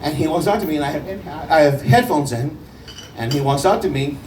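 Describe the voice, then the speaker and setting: A man doing a first stand-up set, rambling and halting with many restarts. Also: fairly high pitch, distant mic, noisy background. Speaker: stand-up comedian.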